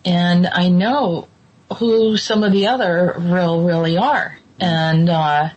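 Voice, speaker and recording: A woman's voice: lowish voice, fairly even intonation, slow pace, darkish tone. Hesitant woman hosting, lo-fi sound. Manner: hesitant, many ums and restarts. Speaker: host. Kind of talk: casual spiritual talk show chat. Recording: dull lo-fi sound with faint noise.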